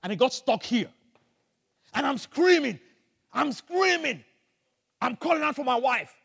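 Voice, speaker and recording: Animated older preacher, high-pitched, echoey. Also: male voice. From Nigeria. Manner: animated storytelling, shouting at dramatic moments. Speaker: pastor. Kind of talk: sermon. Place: church hall.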